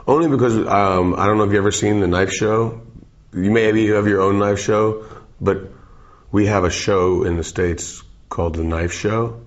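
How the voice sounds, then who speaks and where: A man in his forties, a musician, giving goofy, wandering, self-interrupting interview answers. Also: sits low. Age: 40s. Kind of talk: rambling, joking interview answers. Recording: dull, lo-fi recording.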